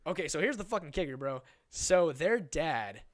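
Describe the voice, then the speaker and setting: Telling a story as a podcast guest, a man in his twenties speaks at normal speed in a slightly high voice. He's animated, swears freely, and acts out other people's lines along the way.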